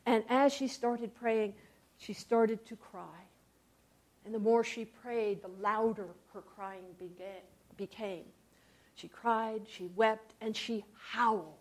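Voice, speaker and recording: A woman storyteller telling a tale for all ages, expressive and shifting from loud to hushed with dramatic pauses. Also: a little high.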